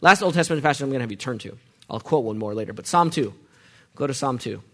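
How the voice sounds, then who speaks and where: A man's voice: mid-range voice, animated, fast talker, bright, forceful tone. A man preaching a sermon, asking the congregation questions as he goes and letting them call out the answers. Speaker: pastor.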